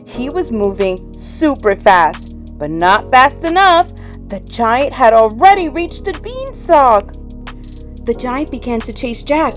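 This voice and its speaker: Slow, animated woman reading a bedtime story. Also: fairly high pitch. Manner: expressive, slow, dramatic pauses. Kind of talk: children's bedtime story read-aloud. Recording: soft music underneath.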